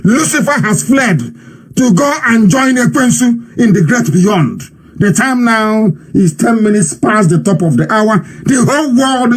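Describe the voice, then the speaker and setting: Man, Nigerian accent, husky, fairly high voice, live radio broadcaster, mocking, repetitive.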